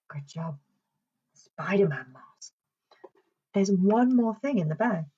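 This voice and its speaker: A woman leading a children's song and story session in a playful sing-song way, speaking slowly and clearly for toddlers. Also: fairly low pitch, animated, dark tone, muffled recording. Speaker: children's speech and language therapist.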